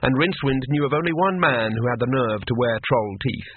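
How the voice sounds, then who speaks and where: A man reading a comic story aloud in a wry, lively way, in a dry, tinny recording. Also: medium pitch, brisk, husky, dry recording. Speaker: narrator. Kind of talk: scripted comic narration. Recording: dry, tinny phone-like sound.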